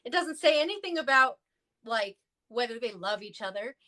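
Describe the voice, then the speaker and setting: Woman, fairly high bright voice, chatty storyteller, lots of fillers. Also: animated, normal speed. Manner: acts out quoted voices with jumps in pitch. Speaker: clergy guest in a discussion. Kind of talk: casual livestream discussion.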